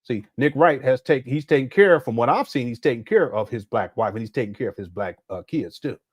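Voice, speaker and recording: A man's voice: mid-range voice, animated, fairly quick, breathy edge, dry recording, clean studio sound. A man in his fifties giving blunt, exclamatory reaction commentary as host, laughing at the clips. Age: 50s.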